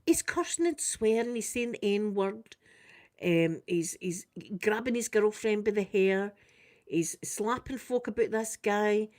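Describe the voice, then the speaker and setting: Chatty Scottish woman, soft ASMR talk. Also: mid-range voice. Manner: chatty storytelling, quick, laughs often, soft-spoken. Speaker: ASMR creator doing makeup. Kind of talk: casual ASMR chat.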